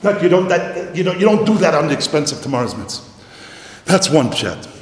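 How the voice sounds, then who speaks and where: Lively man teaching in an echoey hall. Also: on the high side, a little fast. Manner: animated, repeats phrases, mixes Yiddish and Hebrew terms. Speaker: Torah teacher. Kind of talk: Talmudic lecture. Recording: echoey hall, faint noise.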